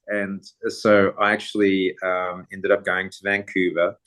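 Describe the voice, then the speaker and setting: Deep flat-voiced man telling stories. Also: unhurried. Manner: rambling, relaxed anecdote-telling. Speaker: guest photographer. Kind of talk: casual interview storytelling.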